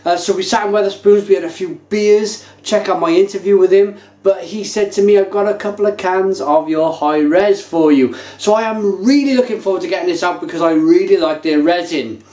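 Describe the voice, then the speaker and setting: A man reviewing craft beer to camera, talking casually with animated enthusiasm. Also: high voice, fairly quick, hardly any pauses. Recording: echoey room.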